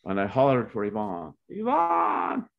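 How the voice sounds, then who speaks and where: A man's voice: lowish voice, lively intonation, unhurried, highs cut off. A man in his seventies from Oklahoma, telling his life story in a rambling, heartfelt way with many restarts. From Oklahoma, USA. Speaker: interviewee.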